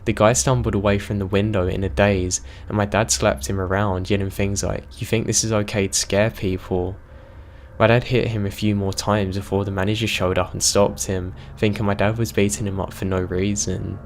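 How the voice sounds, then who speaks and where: Reader-submitted horror stories are narrated from a script by a man with a fairly low voice, delivered in a steady, measured manner. A little hiss or hum can be heard.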